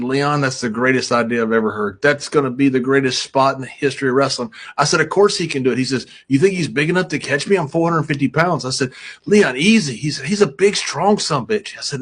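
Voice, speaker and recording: A man's voice: mid-range voice, fairly quick, slightly rough. A man casually telling a funny story, laughing and acting out what others said. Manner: animated, laughing storyteller who acts out quotes. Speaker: storyteller guest.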